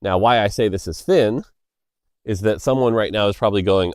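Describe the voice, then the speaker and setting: A man's voice: on the low side, lively intonation, normal speed, darkish tone, clear, resonant tone, no echo, studio quality. Casual man talking on a walk. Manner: loose, filler-heavy, storytelling. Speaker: game designer. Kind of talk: casual Q&A monologue. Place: outdoors walking by a road.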